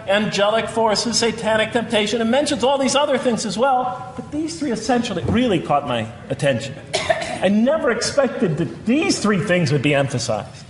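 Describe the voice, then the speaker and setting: A man's voice: high-pitched, a little hiss or hum. Earnest man lecturing in an echoey hall. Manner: earnest, asks rhetorical questions. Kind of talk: public lecture. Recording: echoey hall, long reverb.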